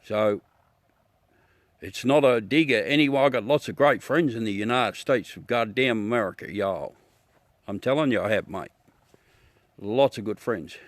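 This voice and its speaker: A man's voice: on the low side, moderate pace, pauses often, dry recording. A middle-aged Australian man hosting a livestream, chatting casually with viewers, laughing, joking and swearing as he talks. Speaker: livestream host. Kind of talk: casual chat with live viewers.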